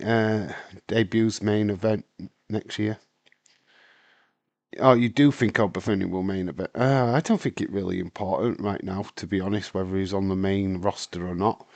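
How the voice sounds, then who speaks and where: A man, hoarse with a breaking voice, hosting a live stream in a casual, rambling chat while answering viewer comments. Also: on the low side, no room sound. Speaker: wrestling stream host.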